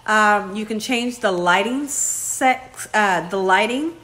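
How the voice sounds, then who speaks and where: A woman's voice: medium pitch, slow, a bit bright. A woman hosting her own vlog, chatting effusively and talking straight to her viewers in a casual way. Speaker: vlog host.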